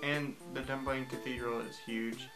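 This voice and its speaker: A man's voice: mid-range voice, little pitch movement, normal speed, poor audio. A young man casually recapping his day on tour, chatty and laughing between sentences. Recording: music playing underneath.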